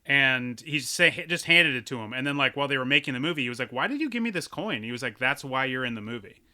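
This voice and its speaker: A man co-hosting a film podcast in loose, animated conversation. His voice is bright and forward, his sentences break off and restart, and he laughs between points. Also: medium pitch, fast talker, clean tone. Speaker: podcast co-host. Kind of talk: casual film discussion.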